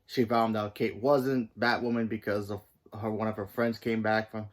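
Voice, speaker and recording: A man's voice: little pitch movement, moderate pace. Rambling man reviewing a TV episode. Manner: rambling, many fillers and restarts; emphatic jumps in pitch and volume. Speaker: host of a TV review channel.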